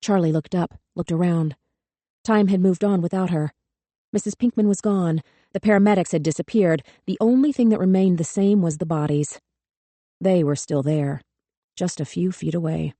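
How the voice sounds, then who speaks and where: Measured, grave woman narrator with a darker tone, dry close studio sound. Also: on the low side, dark tone, dry recording. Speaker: audiobook narrator. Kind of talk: scripted narration.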